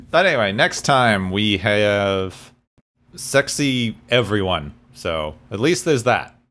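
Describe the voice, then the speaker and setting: Low-voiced wry podcast co-host, man. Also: very animated, slow pace, long pauses, a bit bright. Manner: wry, dry humor. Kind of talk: casual chat.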